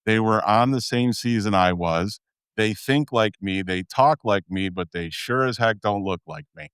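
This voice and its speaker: A man with a Chicago accent hosts a podcast in a frank, chatty way. His voice sits on the low side and sounds smooth and clean. The sound is dry and close, with no room echo. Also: normal speed, fairly bright tone. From Midwestern US. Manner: candid, chatty, with filler "uh"s. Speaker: podcast host. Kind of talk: casual podcast talk.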